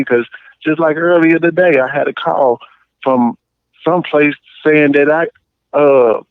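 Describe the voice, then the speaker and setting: A man calling into a podcast, telling stories in an animated, emphatic way. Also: fairly high pitch, a little slow, no room sound. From Champaign, Illinois area. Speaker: caller. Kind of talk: casual call-in chat. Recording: tinny dry phone line.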